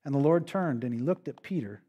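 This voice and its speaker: A man's voice: a little high, lively intonation, a little fast, slightly rough, dull audio. A male pastor preaching an expository sermon in a conversational way, often checking in with the listeners. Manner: conversational, with frequent "right?" tag questions.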